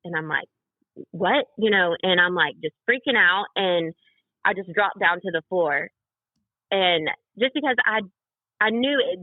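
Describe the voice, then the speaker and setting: A young woman with a lowish voice, a podcast guest, tells a personal story in a casual interview. She rambles, uses lots of fillers and acts out what other people said, over a tinny, phone-like, dry recording.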